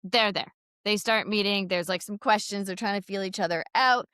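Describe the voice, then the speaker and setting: A woman co-host tells a story in a loose, rambling chat, dropping "like" everywhere and acting out the characters' lines. Her voice is bright and forward, recorded close and dry with no room sound. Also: medium pitch, moderate pace, clean tone, no room sound. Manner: rambling retelling with many "like"s and acted-out quotes. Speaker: podcast co-host. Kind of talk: casual book recap chat.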